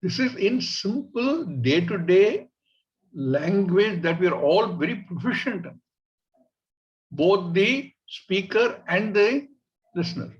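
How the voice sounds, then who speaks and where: A man with an Indian English accent, teaching a scripture class in a measured way and acting out everyday examples. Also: high voice, big pitch swings, muffled recording. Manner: measured, illustrative, acts out examples. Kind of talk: spiritual class lecture.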